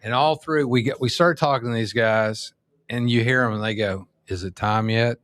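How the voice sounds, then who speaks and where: Man, podcast co-host, mid-pitched, tells anecdotes with energy, dry close mic. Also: normal speed, dry recording. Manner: animated storyteller. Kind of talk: casual chat.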